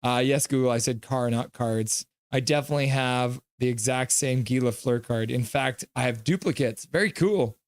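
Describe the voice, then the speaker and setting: A man's voice: medium pitch, moderate pace, hardly any pauses, dry recording. A man hosting a live hockey reaction stream, reading viewers' chat messages aloud, joking and slipping into play-by-play calls. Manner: chatty, jokes and breaks into play-by-play.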